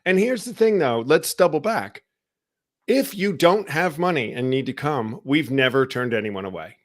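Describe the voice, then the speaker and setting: A man's voice: a little high, animated, moderate pace. Chatty man hosting a live show. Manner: chatty, greets viewers by name. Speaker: show host. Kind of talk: casual live-stream talk.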